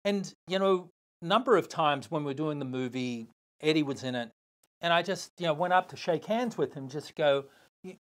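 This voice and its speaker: An older man with an Australian accent, a podcast guest telling a long story in a lively, casual way, acting out other people's lines. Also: fairly high pitch, moderate pace. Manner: animated, swearing, acts out other voices.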